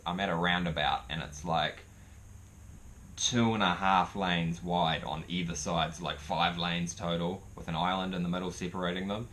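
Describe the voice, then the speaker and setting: A man's voice: low-pitched, a bit bright, slight background noise. A young man telling a rambling, profane story in casual storytelling style. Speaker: vlogger.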